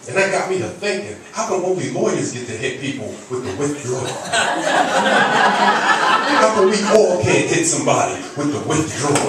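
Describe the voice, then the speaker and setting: Animated stand-up comic in an echoey club. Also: male voice, a little high, moderate pace. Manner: animated storyteller, punchy asides. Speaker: stand-up comedian. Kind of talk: stand-up comedy set. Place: comedy club stage. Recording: echoey club room, distant mic, loud crowd.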